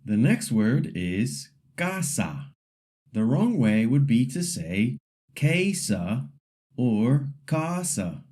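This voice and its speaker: A man leads a scripted pronunciation lesson at an unhurried pace, with a mellow voice. His pitch moves freely up and down as he models each word clearly for students to repeat. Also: big pitch swings. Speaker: Spanish pronunciation teacher.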